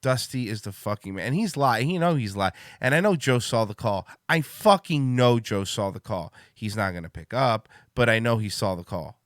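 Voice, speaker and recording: Man, livestream host, excitable, swears a lot, dry close sound. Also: fairly low pitch, normal speed, hardly any pauses, no echo. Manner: loud, excitable, swears freely. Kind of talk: casual livestream chat.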